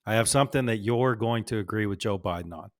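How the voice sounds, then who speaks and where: A man's voice: on the low side, fast. A man co-hosting a podcast, teasing and playful as he tells a story. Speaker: podcast co-host. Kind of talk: casual political chat.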